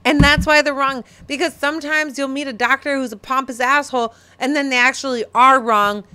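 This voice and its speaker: A woman co-hosting a podcast, chatting casually and telling stories in a blunt, animated way. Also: sits high, fairly quick. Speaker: podcast co-host. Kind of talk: casual chat.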